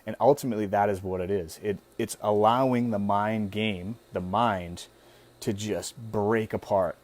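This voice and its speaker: Low-voiced man coaching casually. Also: a little slow. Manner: relaxed, conversational, acts out his inner voice. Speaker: guest host coaching paddlers. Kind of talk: casual live-stream coaching talk.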